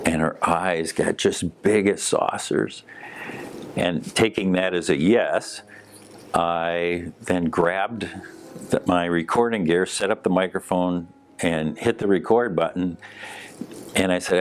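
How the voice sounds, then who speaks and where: A man hosting a podcast, telling a personal story in an unhurried, conversational way with frequent fillers. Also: deep voice, slight background noise. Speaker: podcast host.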